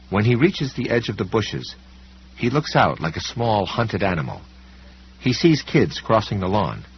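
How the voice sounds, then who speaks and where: A man narrating an audiobook in a measured way, with dramatic pauses. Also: on the low side. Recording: dull recording with faint hum.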